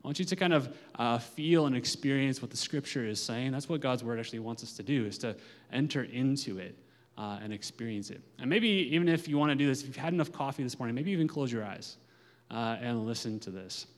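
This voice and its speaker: A man preaching as a pastor, talking in a relaxed, conversational way with many "uh" fillers, then reading scripture and praying. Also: medium pitch, brisk. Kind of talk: sermon with scripture reading and prayer. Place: church sanctuary. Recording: long hall reverb.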